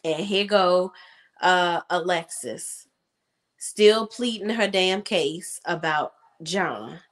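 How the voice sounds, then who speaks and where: A woman hosting a casual reality TV recap, talking in slang and acting out cast members' lines in quick voices. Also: fairly low pitch, a bit bright.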